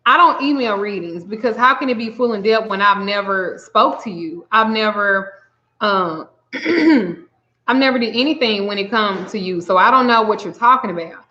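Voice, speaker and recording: A woman's voice: medium pitch, moderate pace. A woman spiritual reader telling a story in a casual livestream, acting out both sides of a phone call. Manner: chatty, animated retelling, acts out both sides of a call. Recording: slightly dull lo-fi audio.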